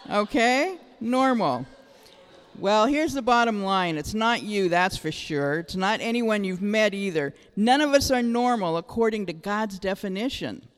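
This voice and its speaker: A woman's voice: medium pitch, darkish tone. Woman, middle-aged, sermon, emotional, chatty, asks the congregation questions, church hall, long reverb. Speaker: church speaker. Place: church sanctuary.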